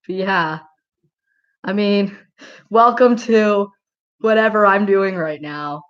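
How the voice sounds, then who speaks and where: A woman's voice: mid-range voice, slow, pauses often, a bit bright, highs cut off. A woman chatting casually on a livestream and reading out comments, rambling and giggling with lots of filler words.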